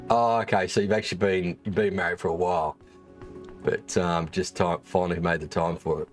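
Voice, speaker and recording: A man's voice: sits low, fairly even intonation, brisk, faint music behind. An Australian man chatting casually on a livestream, rambling, swearing freely and restarting often. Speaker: streamer and former race engineer.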